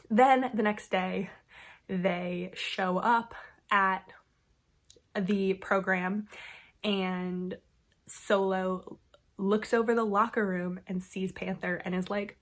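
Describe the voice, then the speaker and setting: A woman's voice: lowish voice, steady tone, a little slow. A woman talking casually to camera as a book vlogger, full of fillers like "like" and "um", swearing now and then. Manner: chatty, filler-heavy with frequent "like" and "um". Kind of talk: casual book recommendation vlog.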